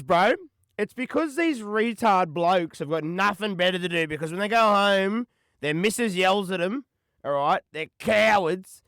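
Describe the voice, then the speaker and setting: A man's voice: sits high, fairly bright tone, clean tone, no echo, clean studio sound. A young Australian man hosting a call-in podcast, rambling in slang and ending lines with "cuz" and "bro.". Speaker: podcast host. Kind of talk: casual chat answering callers.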